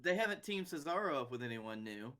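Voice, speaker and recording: A man's voice: medium pitch, very animated, a little fast, a bit bright. A man co-hosting a casual wrestling podcast, adding short, dry remarks. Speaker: podcast co-host.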